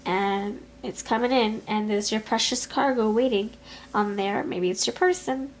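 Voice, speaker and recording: A woman giving a pick-a-card tarot reading in an expressive, chatty way, talking aloud to Spirit as she goes. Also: medium pitch, unhurried, slight background noise, low-quality recording. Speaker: tarot reader.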